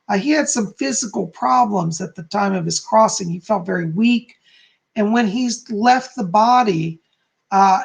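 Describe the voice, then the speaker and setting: A man's voice: high voice, vocal fry. A man hosting a live stream as a psychic, relaying spirit messages to viewers by name while losing his voice.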